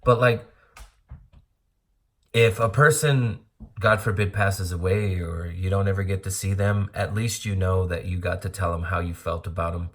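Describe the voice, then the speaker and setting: A middle-aged man from Montana speaks in a fairly low voice. His talk is earnest and rambling. He is blunt and drops the odd curse as he thinks out loud in a personal monologue. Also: fairly even intonation, moderate pace. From Montana, USA. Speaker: vlogger.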